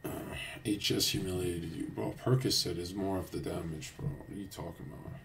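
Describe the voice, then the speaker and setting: A man's voice: deep voice, fairly even intonation, a little fast, gravelly, noisy background. A man livestreaming a casual rant, crude and boastful, swearing often and rambling loosely with restarts. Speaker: streamer.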